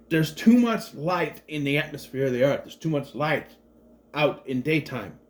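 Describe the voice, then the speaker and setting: A man reviewing a movie in a loose, rambling way, full of fillers and false starts. His voice sits fairly high for a man and swings widely up and down as he gets animated. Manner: rambling, chatty, many fillers and restarts; animated, acts out the characters' lines.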